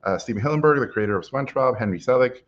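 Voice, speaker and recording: A middle-aged man telling a personal story in a lively way, acting out what people said to him, with frequent "uh"s. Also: mid-range voice, very fast, dull audio. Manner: lively anecdotal, acts out quotes, frequent "uh". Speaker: animation guest speaker.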